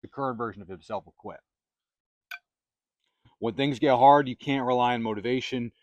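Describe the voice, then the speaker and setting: A man's voice: mid-range voice, normal speed, darkish tone, no echo, dull audio. Emphatic man giving motivational advice. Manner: emphatic and repetitive, punchy short phrases. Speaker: self-help channel host. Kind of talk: motivational talk to camera. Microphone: close microphone.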